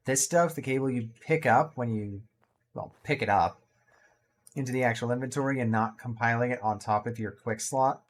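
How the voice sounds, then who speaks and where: A man chats his way through a building game in a casual let's-play. His voice swings widely up and down as he jokes to himself, playful and talkative. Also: mid-range voice. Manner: chatty, playful, jokey asides. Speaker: gaming video creator.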